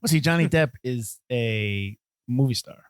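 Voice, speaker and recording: A man co-hosting a film podcast, talking in a quick, animated, rambling way with frequent restarts. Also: mid-range voice, clear, resonant tone, no room sound, studio quality. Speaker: podcast co-host. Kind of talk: casual chat.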